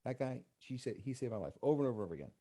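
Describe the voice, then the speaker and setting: His medium-pitched, mellow voice moves very fast with a sing-song lilt. He is a counselor guesting on a casual podcast conversation, telling stories in a chatty radio manner and acting out the quoted dialogue.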